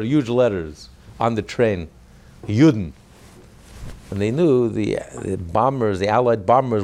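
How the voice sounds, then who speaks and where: A man's voice: fairly low pitch, a little mellow. A man teaching a religious class as a rabbi, emphatic and rhetorical, illustrating points with stories.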